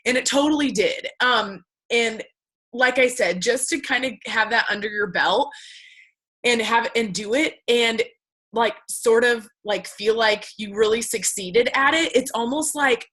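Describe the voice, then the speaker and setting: A woman's voice: fairly high pitch, normal speed, fairly bright tone, poor audio. A woman who leads a team, talking emotionally on a group call with lots of "like"s. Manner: emotional, rambling with many "like"s. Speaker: team leader. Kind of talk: casual chat on a group call.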